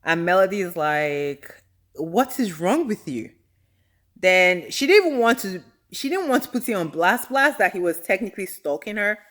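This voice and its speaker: A young adult woman giving a casual reality TV recap, animated, exasperated and full of slang. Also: medium pitch, moderate pace, few pauses.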